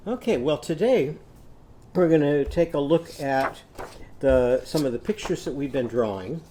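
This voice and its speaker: A man teaching a children's phonics lesson, patiently sounding out words slowly for young learners. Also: fairly high pitch, lively intonation, warm tone, a little hiss or hum. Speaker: literacy teacher.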